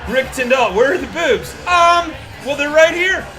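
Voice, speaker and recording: A loud, boisterous guy with a deliberately terrible fake Russian accent, as a man hams it up. He shouts in a high, strained voice. Music plays in the background. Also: animated, a crowd in the background.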